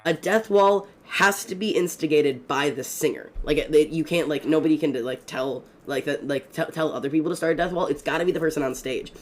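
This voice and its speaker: A young man streaming a game, telling stories in a fast, rambling, excitable way, swearing often. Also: on the high side. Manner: excitable and profane, fast rambling storytelling with many fillers. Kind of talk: casual gaming stream chat.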